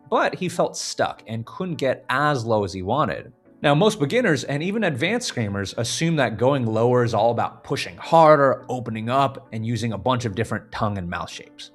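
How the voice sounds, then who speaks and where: A man teaching a scream-technique lesson, explaining clearly and stopping now and then to demonstrate screams. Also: medium pitch. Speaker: vocal coach. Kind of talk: instructional video lesson.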